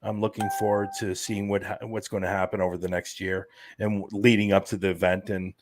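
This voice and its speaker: A man's voice: sits low, flat delivery, a little fast, noisy background. A man explaining plans as a guest in a casual podcast interview, rambling with plenty of fillers. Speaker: guest, event organizer.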